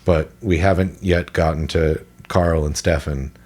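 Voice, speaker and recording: A man's voice: rumbling low, fairly even intonation, unhurried, darkish tone. A man co-hosting a podcast in casual chat, opinionated and rambling with restarts. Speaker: podcast co-host.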